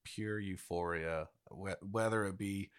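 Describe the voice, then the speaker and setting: A man with a fairly low voice in relaxed conversation, earnest and heartfelt. He leans on filler words and drops the odd curse word as he talks. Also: unhurried, smooth. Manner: earnest, casual swearing, many "like"s. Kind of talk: casual chat.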